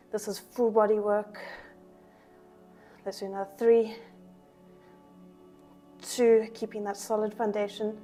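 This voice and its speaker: A woman coaches a pilates class, counting down reps and calling out inhales and exhales while she does the moves herself. She sounds a little out of breath. Her voice is mellow, and soft music plays faintly behind her. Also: mid-range voice. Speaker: pilates instructor. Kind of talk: workout class instruction.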